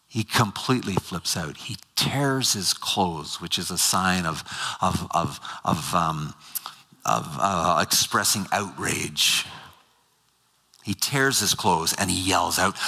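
A man's voice: on the low side, bright, forceful tone, husky. A man explaining scripture to a live audience, emphatic and given to repeating and stumbling over words. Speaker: speaker. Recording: long hall reverb.

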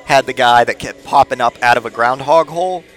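Podcast host, man, mid-pitched, rambling rants, faint music under him. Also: fairly quick, fairly bright tone. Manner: rambling, fillers and restarts, ranty. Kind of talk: casual comedic monologue.

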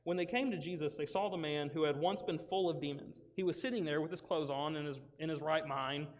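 A young man giving a casual, joking youth sermon, animated and often breaking into asides. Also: fairly high pitch, a little fast. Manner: joking, animated, self-interrupting. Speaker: youth speaker. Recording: dull sound with long hall reverb.

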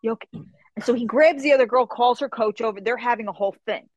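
A young woman telling a story in an animated way, acting out the people in it and swearing casually. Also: a little high, quick pace. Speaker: guest.

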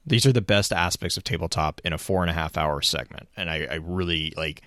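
A man with a low, deep voice chats casually as a podcast co-host. He talks with enthusiasm, restarting his sentences often as his thoughts run ahead. The sound is dry and close. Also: fairly quick, sharp tone, no room sound. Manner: enthusiastic, rambling with frequent restarts. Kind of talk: casual chat.

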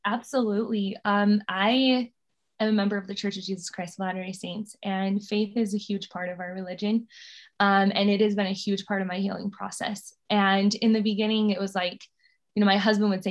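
A woman's voice: mid-range voice, flat delivery, fairly quick. A woman in her thirties, a guest on a podcast, talking in a chatty, candid way and laughing often. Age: 30s. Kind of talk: casual interview chat.

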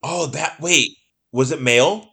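A man co-hosting a casual podcast who talks excitedly, swears freely and laughs often. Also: on the high side, a little slow. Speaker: podcast co-host.

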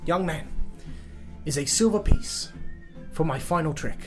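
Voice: unhurried, over music, close to an everyday voice. A game master voicing a bumbling, scheming male tavern illusionist who chatters eagerly and stammers over his words. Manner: high-pitched, eager and chattering, with stammered repeats. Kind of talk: tabletop role-play character voice.

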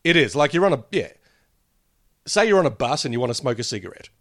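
A man co-hosting a podcast in casual chat, animated and jokey, acting out quotes as he talks. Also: medium pitch, fast, dry recording, studio quality. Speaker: podcast co-host.

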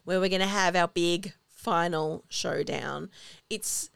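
A woman's voice: on the low side, slow pace, creaky, fairly bright tone, smooth, dry recording, clean studio sound. A woman hosting a podcast, chatting enthusiastically as she recaps a film. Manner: chatty, enthusiastic, acts out quotes. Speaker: podcast host. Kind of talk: casual chat recapping a film.

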